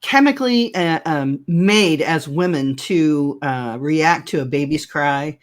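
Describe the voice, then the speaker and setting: Woman, deep-pitched co-host, casual explainer, filler-heavy speech. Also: slow. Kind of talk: casual chat.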